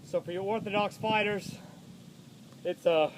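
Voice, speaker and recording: A boxing coach, a man with a fairly high voice, talks through combos in plain coaching talk, calling out the numbers for each punch. He is out of breath from throwing shots as he explains. He is recorded outdoors on a phone camera, with faint outdoor noise behind him. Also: unhurried, pauses often. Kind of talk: instructional demo of combos.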